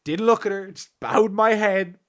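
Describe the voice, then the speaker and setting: A young Irish man co-hosting a casual podcast, telling stories with lots of swearing, laughter and loud acted-out quotes. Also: sits high, normal speed. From Ireland. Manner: animated, swearing, laughs often, acts out quotes loudly. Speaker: podcast co-host.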